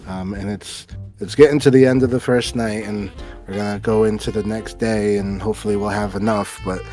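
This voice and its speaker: A man's voice: fairly low pitch, fairly even intonation, fairly quick, mellow, soft background music. Casual man running a tabletop game. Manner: casual, filler-heavy narration. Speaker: game master.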